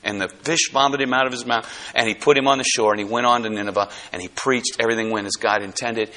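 A middle-aged man preaching a sermon as pastor, swinging between hushed, tender asides and emphatic, animated stretches. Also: on the low side, fast talker.

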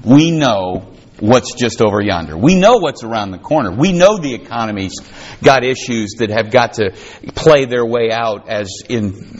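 A man's voice: mid-range voice, highs cut off. A man preaching a sermon in a folksy, conversational way that builds to fervent emphasis. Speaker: pastor.

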